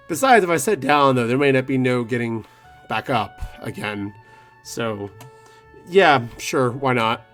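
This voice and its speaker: A man's voice: mid-range voice, expressive, normal speed, faint music behind. A young man hosting a let's play, reading a visual novel aloud with profane, rambling, joking asides, slightly out of breath. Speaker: gaming video host.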